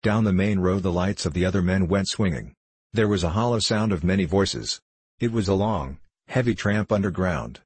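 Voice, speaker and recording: A man narrating an audiobook novel in a measured, even reading. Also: sits low, breathy edge, no echo. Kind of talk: scripted narration.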